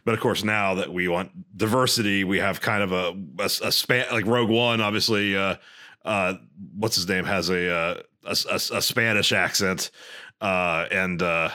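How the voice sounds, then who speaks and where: A man on a podcast rambles through a fan theory, stopping on fillers and slipping in dry jokes. His voice sits fairly low but sounds bright and forward. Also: fairly even intonation, normal speed. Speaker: podcast co-host. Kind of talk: casual podcast chat.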